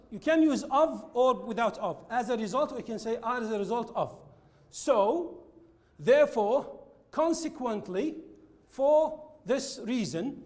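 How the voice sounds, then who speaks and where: Guy walking a class through linking words, repeats stuff a lot. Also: very high-pitched. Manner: explains slowly, repeats examples, switches to Arabic glosses. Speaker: English teacher. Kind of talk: classroom lesson with slides.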